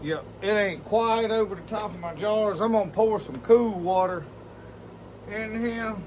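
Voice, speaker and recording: High-voiced folksy man. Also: measured pace, darkish tone, a little hiss or hum. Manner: folksy, rambling, talks straight to viewers. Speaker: outdoors channel host. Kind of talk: casual vlog chat. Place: outdoors in a dry yard.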